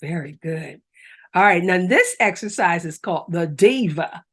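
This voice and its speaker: A woman's voice: on the low side, expressive, moderate pace, fairly bright tone, breathy edge. A middle-aged woman leading a laughter yoga class, coaxing and upbeat, breaking into hearty laughter. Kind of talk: guided exercise class.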